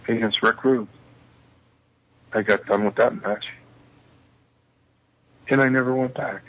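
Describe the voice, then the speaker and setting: A retired wrestler spins lively anecdotes in a sit-down interview, voicing the back-and-forth of each exchange himself. His voice is very husky, and the recording sounds dull and lo-fi. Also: fairly low pitch, no room sound. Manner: lively anecdotes, acting out quoted dialogue. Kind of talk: shoot interview storytelling.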